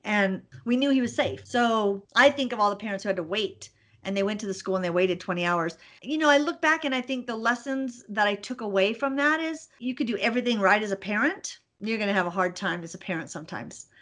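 A middle-aged woman talks in a relaxed podcast interview. She tells her stories with animation, often laughing and acting out her own thoughts. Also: mid-range voice, brisk. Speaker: podcast guest, business owner. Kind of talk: casual interview.

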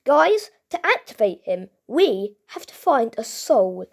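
Slow, excitable woman playing with toys. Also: on the high side, vocal fry, husky. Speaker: toy video performer. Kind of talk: improvised toy role-play voicing.

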